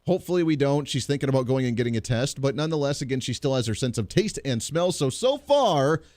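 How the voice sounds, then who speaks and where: A man's voice: medium pitch, lively intonation, fast, darkish tone, no echo. A man hosting a talk radio show, a little congested, chatty and joking with frequent restarts, in a radio studio. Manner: chatty, jokey, lots of restarts.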